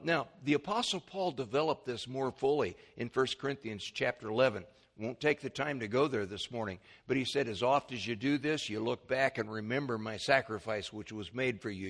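A man preaching a sermon, teaching through scripture verse by verse, reading King James passages and growing excited over word meanings. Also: medium pitch. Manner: animated teaching, rising excitement on key points. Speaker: pastor.

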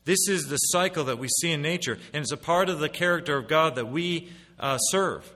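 A middle-aged man preaches from the pulpit, his bright, forward voice rising into emphatic declarations and dropping to quiet, confiding asides. The sound carries a long reverb from the church sanctuary around him. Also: on the high side, fairly quick, hardly any pauses. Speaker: pastor. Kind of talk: sermon.

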